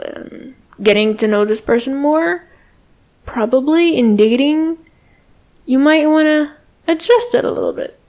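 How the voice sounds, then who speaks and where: A woman giving self-help advice straight to the viewer, speaking calmly and firmly with repeated, emphatic phrasing. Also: on the high side. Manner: slow, calm and firm, with repeated emphatic phrasing. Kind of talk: talking-to-camera advice on setting boundaries.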